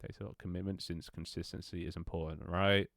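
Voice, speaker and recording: This is a young man with a very low voice, rambling to his stream audience. He swears casually and trips over his words as he goes. The sound is dry and close. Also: little pitch movement, fast, gravelly, fairly bright tone, no room sound. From London, England. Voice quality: swears casually, many restarts and laughs. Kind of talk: casual chat with stream viewers.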